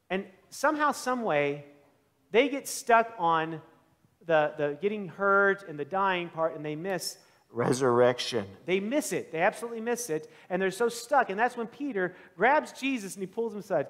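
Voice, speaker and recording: A male pastor preaching a sermon in a church, with animated, conversational storytelling. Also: sits high, moderate pace, in a large hall.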